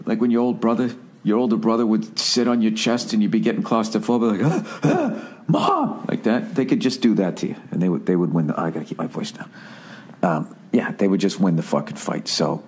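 A man hosting a podcast, ranting in a casual comedic way, profane and quick to mimic voices. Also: fairly low pitch. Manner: profane, animated, mimics voices mid-story. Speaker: podcast host.

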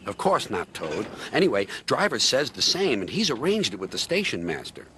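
A man's voice: mid-range voice, wildly swooping pitch, moderate pace, sharp tone, slight background noise. A man voicing a brave but nervous young steam engine who speaks earnestly. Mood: determined. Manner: apologetic, earnest.

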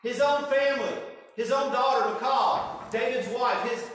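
A man preaching a sermon, telling the story with lively acted-out lines. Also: very high voice, normal speed. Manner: animated storytelling, acting out voices. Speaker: pastor. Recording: echoey hall from far off.

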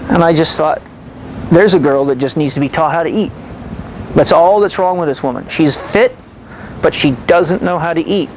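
A man giving a lecture, telling a story with confident, animated energy. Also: a little high, creaky, slight background noise, low-quality recording. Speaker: health and fitness lecturer.

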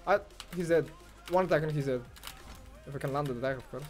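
A young man with a slightly high voice talks through his own match as it happens. He mutters one moment and yells the next, swearing and ranting freely, while music plays faintly underneath. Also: fast talker. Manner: excitable, swears, rants, swings from mumbling to yelling. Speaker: gamer streamer. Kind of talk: gameplay commentary.

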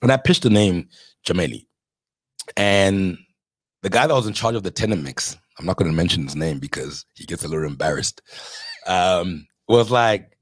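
Speaking low at a normal speed, this South African restaurateur recounts his story as an interview guest on a dry recording. He's candid and casual, full of animation, occasionally swearing and imitating those he quotes.

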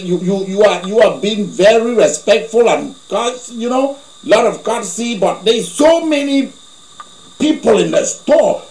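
A male preacher telling a story in a sermon, animated, with laughing asides. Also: high voice. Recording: echoey room.

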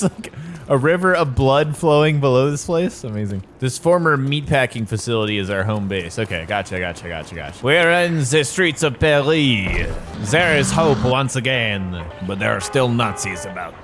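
A young man cracking jokes as he gives excitable gameplay commentary. His voice sits at an ordinary pitch, and game music plays clearly behind him. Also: normal speed. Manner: joking, excitable. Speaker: YouTuber.

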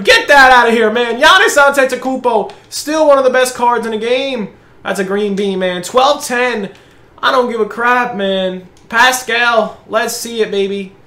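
A young man commentating his own basketball video game match, excitable, hyping his plays and groaning at misses. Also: very high-pitched, reverberant. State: out of breath. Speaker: gaming channel host. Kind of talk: live gameplay commentary.

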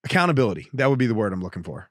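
A man hosting a podcast interview, prompting his guest in a relaxed, casual way. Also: on the low side, racing. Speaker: podcast host.

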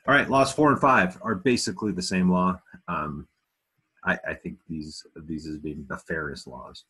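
Math teacher, male, very low and husky, relaxed lesson tone with joking asides. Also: normal speed. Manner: casual, self-deprecating asides. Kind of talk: recorded video lesson.

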